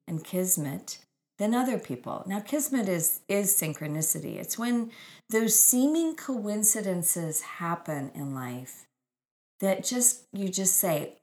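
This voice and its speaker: A woman's voice: mid-range voice, lively intonation, slow, darkish tone. A woman author telling personal stories in an earnest, spiritual, inspirational way, with gushing exclamations. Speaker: author and speaker.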